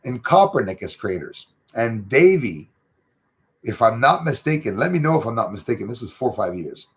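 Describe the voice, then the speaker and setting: A man's voice: mid-range voice, big pitch swings, moderate pace, husky. A middle-aged man, chatting casually and rambling with lots of fillers as host of his livestream. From Canada. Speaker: channel host reading live chat.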